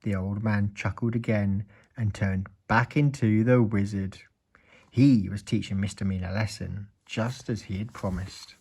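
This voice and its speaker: A man reading a children's story aloud in an expressive, playful way. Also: fairly low pitch, a little slow, gravelly, breathy edge.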